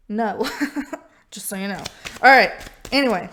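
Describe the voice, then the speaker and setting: A woman's voice: mid-range voice, unhurried, a bit bright, slight background noise. A woman doing a casual tarot reading vlog, irreverent and profane, laughing often. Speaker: tarot reader.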